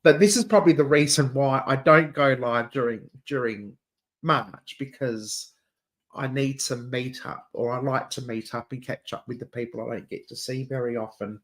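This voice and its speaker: A man's voice: medium pitch, normal speed, a bit bright. A man with an Adelaide Australian accent, hosting a casual livestream chat, chatty and camp, laughing often and calling listeners dear. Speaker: channel host.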